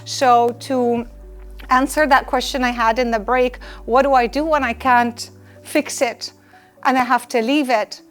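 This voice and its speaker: A woman's voice: a little high, steady tone, measured pace, faint music behind. Earnest woman lecturing with emphatic repetition. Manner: earnest, emphatic, repeats key points. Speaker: lecturer on personal well-being. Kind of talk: live lecture to students.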